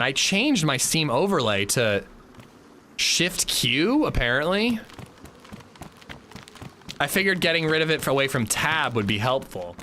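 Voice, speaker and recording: A man's voice: a little high, sing-song, measured pace, sharp tone, slight background noise. A man streaming a game, chatting casually and jokingly answering his chat. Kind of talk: casual livestream chat while gaming.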